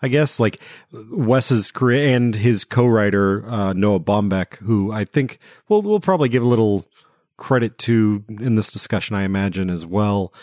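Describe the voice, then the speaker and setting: A man hosting a casual film discussion podcast, talking in a relaxed, hesitant way with many fillers. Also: fairly low pitch, normal speed, no echo, clean studio sound. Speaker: podcast host.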